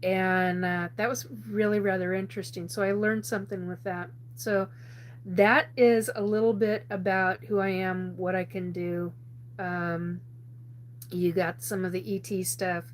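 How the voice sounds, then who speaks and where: Woman host, casual live-show storyteller, rambling with lots of restarts and laughs, mid-pitched voice. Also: level tone, a little slow, a little hiss or hum.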